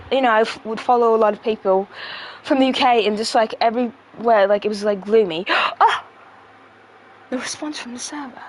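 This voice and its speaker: A woman talks casually to her livestream in a blunt, rambling way, swearing freely and trailing off into fillers. Her voice sits a little high, and faint music plays behind her.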